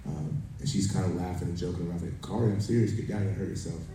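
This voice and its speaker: Man, pastor, sermon, dark mellow voice, very echoey room, faint noise. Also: sits low, flat delivery, rapid-fire. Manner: conversational preaching with stories and scripture reading. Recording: roomy echo from a distance, faint background noise.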